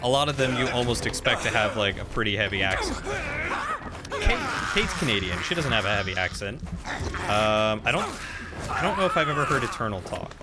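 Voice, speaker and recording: A man's voice: mid-range voice, big pitch swings, brisk, heavy background noise. Chatty male game streamer. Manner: chatty, reacts to the game and answers chat. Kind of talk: live gameplay commentary.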